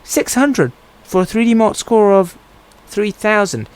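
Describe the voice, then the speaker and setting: A man's voice: a little high, measured pace, hardly any pauses, a little mellow, poor audio. A man streaming a game, giving casual commentary and musing aloud to himself as he plays. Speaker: gaming streamer.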